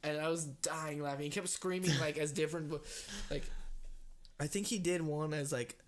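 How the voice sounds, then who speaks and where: A young man with a fairly high voice, co-hosting a laid-back podcast chat. He tells stories in an animated way, packing every sentence with "like" and casual swearing. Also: moderate pace. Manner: animated storyteller, heavy filler "like", swears freely. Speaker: podcast co-host.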